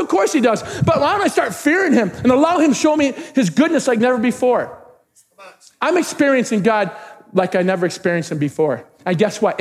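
A male pastor preaching a sermon with passion, moving from quiet, intimate talk to shouted exhortation and repeating phrases. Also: very high voice, animated, a little fast. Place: church sanctuary. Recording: long church hall reverb.

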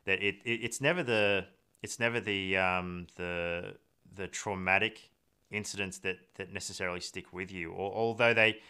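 A man with a very deep yet bright voice reflects on what stays with him from his work. His voice is smooth and clear, and he speaks hesitantly, often stumbling over repeated words. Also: steady tone, moderate pace. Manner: hesitant, repeats words while searching for them. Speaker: interviewer. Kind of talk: reflective conversation.

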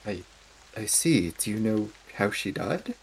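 A man's voice: lowish voice, sing-song, unhurried, creaky, a little hiss or hum, full character voice, poor audio. A man voicing an anxious, weary adventurer who stammers and hesitates. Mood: worried.

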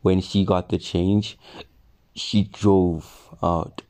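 A young man tells a storytime tale in an unhurried, low voice. His tone is dark and relaxed, and he swears freely as he acts out the people in the story. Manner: swearing, animated retelling with quoted voices. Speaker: storyteller vlogger. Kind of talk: casual storytime.

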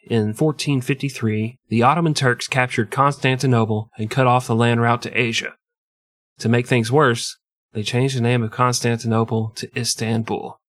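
A man's voice: mid-range voice, a bit bright, no room sound. Crude joking man, dry close sound. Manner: crude joking, frequent laughter. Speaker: podcast co-host. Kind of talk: casual comedic history chat.

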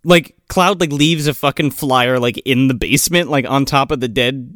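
A man's voice: medium pitch, moderate pace, fairly bright tone, no echo, clean studio sound. A man chatting casually about a film as podcast co-host, swearing and rambling. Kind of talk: casual movie review chat.

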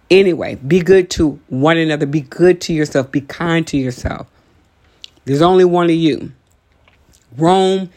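A podcast host giving a motivational talk, urging listeners on with emphatic, repeated lines and the odd joking aside. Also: male voice, medium pitch, a little mellow. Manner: emphatic, repetitive exhortations.

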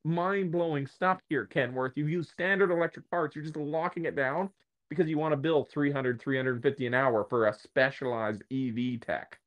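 A man speaking as a guest on a casual podcast, ranting in an animated way and acting out the voices of the people he quotes. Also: fairly high pitch, moderate pace. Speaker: guest, electric motor repair specialist.

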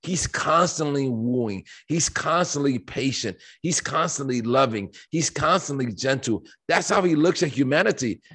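Guy on a faith podcast preaching animated, lots of "right?" and "you know what i mean", average pitch. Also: a little slow, hardly any pauses, husky. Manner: animated and emphatic, asks rhetorical questions, quotes scripture. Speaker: podcast co-host. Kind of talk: preaching-style faith discussion.

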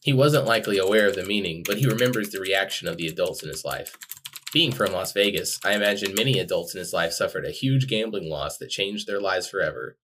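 A man's voice: low-pitched, fast, a bit bright, a little hiss or hum. A man co-hosting a podcast, chatting casually, reading descriptions aloud, and making dry teasing remarks. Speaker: podcast co-host.

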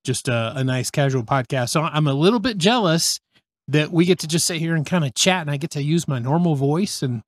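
A man's voice: a little high, lively intonation, fairly quick, no room sound. A middle-aged man with a Texan accent, a radio host guesting on a podcast, chatting in a friendly, easygoing way. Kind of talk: casual chat.

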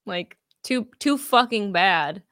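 A woman's voice: medium pitch, expressive, slow pace, fairly bright tone, no echo, studio quality. A woman co-hosting a casual call-in show, blunt and apologetic, swearing casually.

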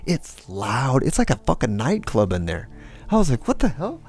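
A man's voice: mid-range voice, huge pitch swings, moderate pace, darkish tone. A man from California casually telling a rambling, profane personal story, full of fillers and acted-out quotes. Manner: acts out quotes in a raised, mocking voice.

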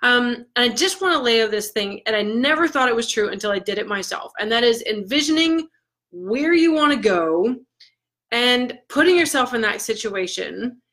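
A woman with a bright, forceful voice pitched a little high talks to her viewers about her goals. She is excited and chatty, full of ums and quick restarts. It sounds like a casual motivational vlog from an author. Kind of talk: casual motivational talk to camera.

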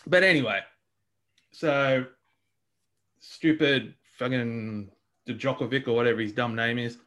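A man's voice: mid-range voice, a little slow, fairly bright tone. An Australian man co-hosting a casual podcast chat, ranting with plenty of swearing and exasperation. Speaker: podcast co-host.

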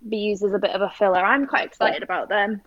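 A woman's voice: medium pitch, steady tone, fast, fairly bright tone, no echo, muffled recording. A woman talking casually about her flower farm, chatty and full of fillers and restarts. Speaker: guest flower farmer. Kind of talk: casual podcast chat.

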